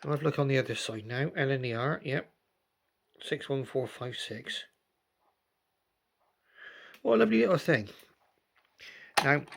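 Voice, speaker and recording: A man's voice: medium pitch, gravelly. A man, chatting casually about model railway pieces while filming on his phone. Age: 60s. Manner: chatty and rambling, with gentle asides. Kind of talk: casual hobby commentary.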